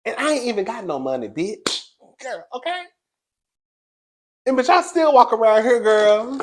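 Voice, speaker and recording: A man's voice: extremely high pitch, huge pitch swings, measured pace, pauses often, slight background noise. A man hosting a reality TV recap, talking in a brash, sassy, profane way and laughing often as he gossips. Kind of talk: casual gossip commentary.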